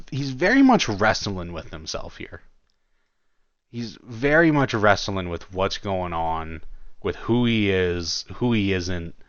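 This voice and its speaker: A man's voice: fairly low pitch, fairly bright tone, no room sound, dull audio. A man hosting a casual video commentary, musing aloud with many fillers and restarts as he reads through chat logs. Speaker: commentary host.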